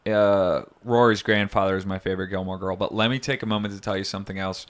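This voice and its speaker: A man's voice: sits low, fairly even intonation, quick pace. A man co-hosting a podcast in a studio, rambling and joking as he tells stories. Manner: rambling, jokey storyteller. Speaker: podcast co-host. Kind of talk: casual chat.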